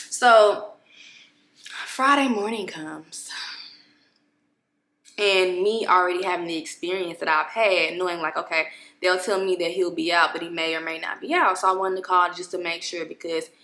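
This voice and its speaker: A woman vlogger at home, telling a story to camera in an expressive, exasperated way, with many restarts. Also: on the low side, reverberant. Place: home apartment room.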